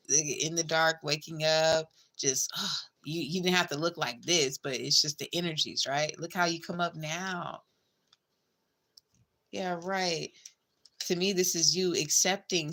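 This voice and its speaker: Low-pitched, bright-voiced woman reading tarot. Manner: chatty, blunt, swears casually, calls the listener babe and girl. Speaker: tarot reader. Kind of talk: casual tarot reading to a viewer.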